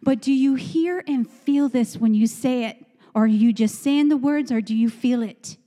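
With a fairly high but dark-toned voice at normal speed, a woman preacher gives a fervent sermon. She hammers repeated phrases and calls on the congregation for responses. It was recorded in a church sanctuary with long hall reverb.

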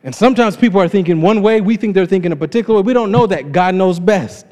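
A man's voice: sits high, fast talker, a little mellow. A man preaching an informal sermon, retelling a scripture story in his own casual words, with frequent laughs. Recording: long reverb of a large hall.

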